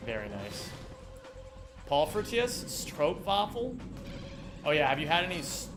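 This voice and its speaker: A man's voice: on the high side, very animated, unhurried. Giggly young man streaming a game. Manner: joking, giggly, rambling. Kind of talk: casual chat while speedrunning a game. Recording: game music behind.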